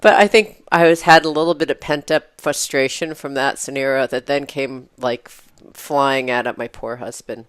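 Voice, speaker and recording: A woman's voice: rumbling low, moderate pace, clear, resonant tone, dry recording, clean studio sound. A woman co-hosting a podcast, telling a story in casual chat and laughing as she acts out the quotes. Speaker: podcast co-host.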